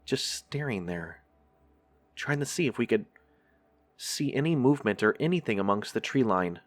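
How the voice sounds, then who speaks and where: Low-voiced man narrating a horror story. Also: expressive, normal speed. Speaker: horror podcast host reading stories.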